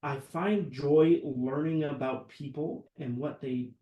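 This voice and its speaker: Speaking slowly with fairly even intonation, this man has a slightly high voice. As sales lead and webinar co-host, he chats casually from an office room, earnestly and enthusiastically sharing customer stories. The room is echoey and the highs are cut off.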